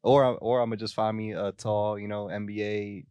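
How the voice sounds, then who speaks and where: A young man co-hosting a podcast in casual chat, slangy and joking, quick to laugh while he rambles. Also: on the low side, flat delivery, a little mellow, clear, resonant tone, no echo. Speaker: podcast co-host.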